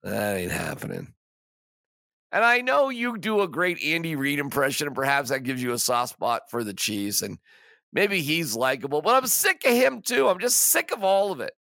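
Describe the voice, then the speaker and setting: Male podcast host, forceful bright tone, emphatic frustrated delivery. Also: mid-range voice, sing-song, moderate pace, gravelly, dry recording, studio quality. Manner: exasperated, emphatic, stammering restarts. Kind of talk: casual sports rant.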